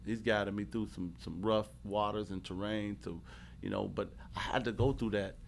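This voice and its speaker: A man's voice: on the low side, steady tone, normal speed, slight background noise. A middle-aged man, a former pro basketball player turned coach, telling stories from his life in a laid-back, conversational interview, peppering his talk with "man" and "you know what I mean.". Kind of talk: casual storytelling interview.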